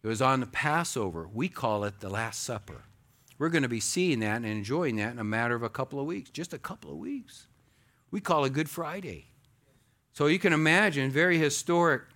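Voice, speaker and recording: A man preaching a sermon as pastor, animated, swinging between loud exclamations and hushed asides. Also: medium pitch, fairly quick.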